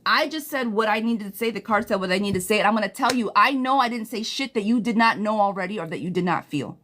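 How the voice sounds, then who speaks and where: A woman's voice: medium pitch, lively intonation, fast, a bit bright. A woman giving a live-stream tarot reading, talking straight to her viewers with blunt, profane, impassioned advice. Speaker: tarot reader.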